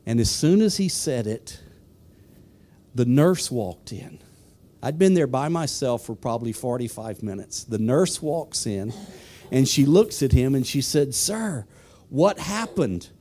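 Mellow-voiced man preaching a sermon. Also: medium pitch, expressive, measured pace. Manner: asks the congregation questions, then tells a story. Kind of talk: sermon with a personal story.

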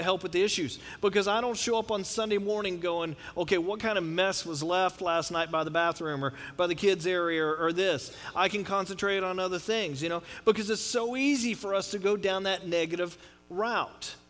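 A man's voice: high-pitched, fairly bright tone. A middle-aged male pastor from Texas preaching a sermon in a conversational, rambling way, with frequent restarts and asides. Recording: long hall reverb with mains hum.

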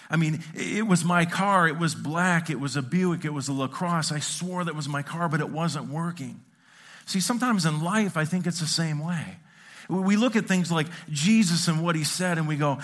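A man preaching in a slightly high voice, telling a lively story at his own expense. He acts out little sounds and his own panicked thoughts, drawing the congregation in as he goes. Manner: animated, self-mocking storytelling with acted-out sounds. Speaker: pastor. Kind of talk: storytelling sermon. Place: church sanctuary.

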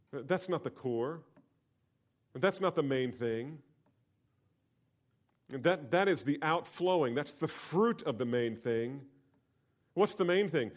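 A male pastor preaching a sermon, asking rhetorical questions and moving from quiet lines to emphatic ones. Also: mid-range voice, animated, takes it slowly, pauses often.

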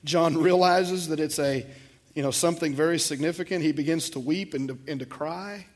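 Emphatic preaching man, higher voice. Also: normal speed. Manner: emphatic preaching with swells in volume, repeats words. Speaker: pastor. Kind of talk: sermon.

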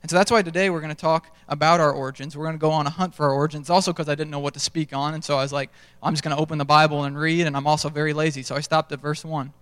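Resonant young preacher in a reverberant hall. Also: male voice, a little high, level tone, rapid-fire, few pauses, a bit bright, clean tone. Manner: self-deprecating storytelling, conversational. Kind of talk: sermon. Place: large church stage.

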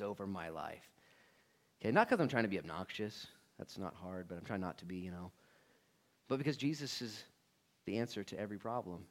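A male pastor preaching a sermon in a church with energetic, casual and slangy talk. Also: low-pitched, fast talker.

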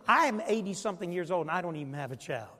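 A man's voice: high voice, animated, very fast, bright, forceful tone, big-room sound, full character voice. A preacher acting out an elderly man in his eighties who pleads with God in confusion. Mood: pleading.

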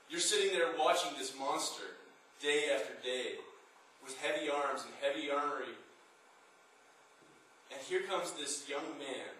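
Impassioned preacher, high voice, echoing room. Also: male voice, pushed and bright, slight background noise. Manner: dramatic storytelling, rising to impassioned peaks. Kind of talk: sermon. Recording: echoey room from far off.

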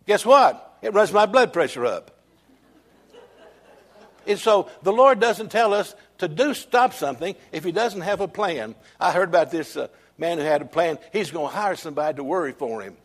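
A man preaching a sermon. His voice sits a little high, and he tells homespun stories with slow, weighty emphasis on the key lines. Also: expressive. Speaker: pastor.

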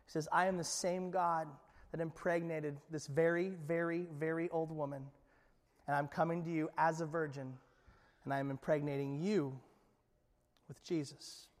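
A man preaching a sermon in an animated, conversational way, acting out voices from the Bible story and often repeating his words. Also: a little high, moderate pace. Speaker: pastor. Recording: long church hall reverb.

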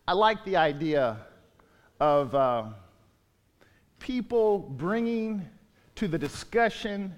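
A man preaching a sermon as pastor, animated, swinging from quiet asides to raised exclamations and acting out quotes. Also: fairly high pitch. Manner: animated, with sudden rises and drops and acted-out quotes. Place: church sanctuary. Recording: long hall reverb.

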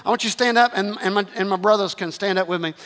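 A man's voice: high-pitched, fast, a bit bright, long reverb tail. A man preaching a sermon, repeating phrases emphatically and calling the congregation to respond. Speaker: pastor.

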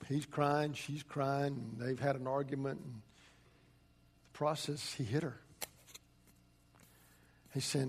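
A man's voice: medium pitch, flat delivery, slow pace, pauses often, breathy edge. A man, a pastor preaching a conversational sermon and telling stories with frequent restarts.

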